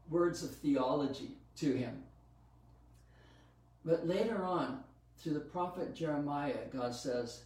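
Slow, echoey male preacher. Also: mid-range voice, darkish tone. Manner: slow, earnest, with frequent fillers and restarts. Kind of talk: sermon teaching on Scripture. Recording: very echoey room, from a distance.

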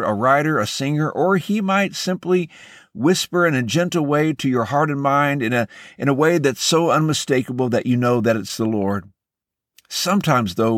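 A man hosting a devotional podcast, speaking in an earnest, measured and encouraging way as he delivers a scripted message. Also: mid-range voice, dry recording, studio quality.

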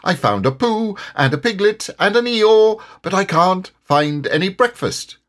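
A man's voice: sits high, animated, a little slow, a bit bright, voice pushed up. A man voicing a bouncy, boastful young male tiger in a storybook reading. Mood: boisterous.

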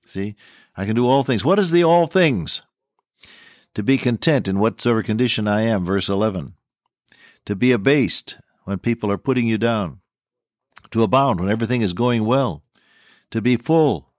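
A man's voice: on the low side, moderate pace, pauses often, no echo, studio quality. An older man teaching the Bible on the radio, folksy and earnest, repeating his key lines. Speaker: radio preacher.

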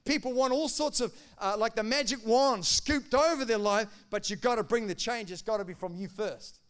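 A male pastor preaching a sermon, animated, acting out quotes and swinging between loud declarations and hushed asides. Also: high-pitched, normal speed, clean tone.

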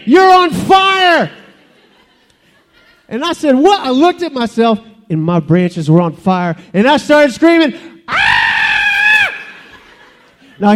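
Kids' church skit: a man playing a very high, chatty, boastful burning bush, animated storyteller. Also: exaggerated voice. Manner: animated, playful storyteller addressing kids. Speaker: children's church puppet character.

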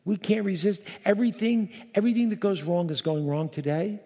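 Husky preacher man in an echoing hall. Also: fairly quick, mellow. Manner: emphatic, reads verses aloud with rising pitch. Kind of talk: sermon teaching on scripture. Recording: long hall reverb.

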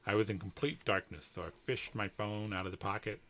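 A man's voice: fairly low pitch, big pitch swings, normal speed, creaky, bright, forceful tone. A man reading a story aloud for a podcast, joking and laughing as he flubs his lines. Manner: playful, teasing, laughs through flubbed lines. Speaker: podcast co-host and narrator.

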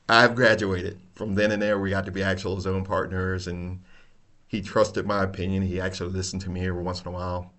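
A retired police officer hosts a podcast, trading cop stories in a casual chat. His voice is low and fairly quick, and he's an animated storyteller who swears freely and laughs a lot.

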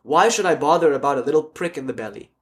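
Guy playing a calm sick swami, slow and grand, high-ish voice. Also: natural voice. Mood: serene. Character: ailing swami, calm, unbothered.

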